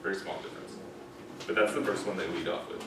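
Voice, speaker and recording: A deep-voiced man speaks fast with fairly even intonation while teaching singers British pronunciation in a classroom diction lesson. He demonstrates vowel sounds aloud and keeps checking understanding with "okay?" and "right?". The room is echoey, the mic far off, with faint noise.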